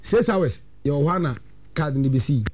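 A man with a Ghanaian accent, a talk-show guest, recounting events in an animated storytelling way. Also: fairly high pitch, moderate pace. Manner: animated, storytelling with quoted dialogue. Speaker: studio guest.

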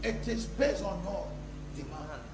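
A man preaching a sermon to a congregation and leading them in call-and-response prayer that builds to shouting. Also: sits high, lively intonation, a little slow. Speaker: pastor. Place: church service. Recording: echoey church hall with loud music. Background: loud music.

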